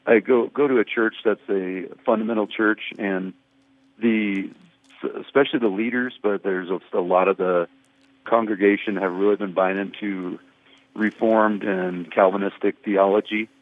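A man's voice: lowish voice, fairly even intonation, normal speed, dry recording. A man calling in to a radio show, hesitant and searching for his words as he asks his question. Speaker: caller, church leader. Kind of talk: phone-in question. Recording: tinny phone line.

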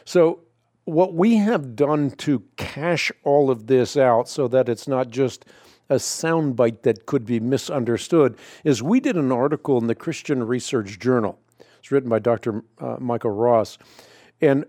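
Male radio host, warm low-key timbre, dry close mic, steady teaching manner. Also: no room sound. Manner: measured, explanatory, cites scripture. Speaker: radio host answering Bible questions. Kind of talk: call-in radio answer.

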